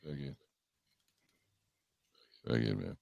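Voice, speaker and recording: A man with a very low, gravelly voice hosts a loose livestream, wandering from story to story and greeting viewers by name. His tone is dark and the sound is dry and close, with a lively, swooping delivery. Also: measured pace, no echo. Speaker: livestream host. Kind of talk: casual chat with viewers. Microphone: headphones on a livestream setup.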